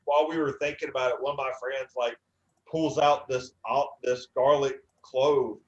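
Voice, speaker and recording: A man's voice: medium pitch, steady tone, normal speed, lo-fi sound, background noise. A man doing a stand-up comedy set, telling stories in a dry way with frequent "uh"s. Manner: dry storytelling with filler "uh"s.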